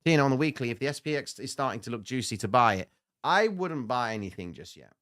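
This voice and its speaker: A man's voice: medium pitch, lively intonation, fast talker, a bit bright. A man hosting a live trading stream, giving blunt, slangy market commentary and answering chat comments.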